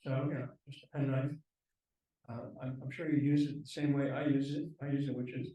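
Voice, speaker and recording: A man giving a slideshow lecture at a university, relaxed and halting, with frequent ums and restarts. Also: medium pitch. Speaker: guest lecturer. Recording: echoey lecture room from far off.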